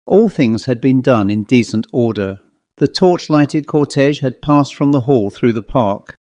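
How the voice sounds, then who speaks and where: A man reading a classic ghost story aloud in a measured, even narration. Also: medium pitch, no echo. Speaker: audiobook narrator.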